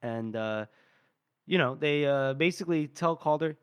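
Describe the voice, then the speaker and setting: A man's voice: mid-range voice, clear, resonant tone. A man co-hosting a book podcast, casually retelling scenes and acting out the characters' lines between laughs. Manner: retells scenes with quick voiced quotes and laughter. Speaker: podcast co-host.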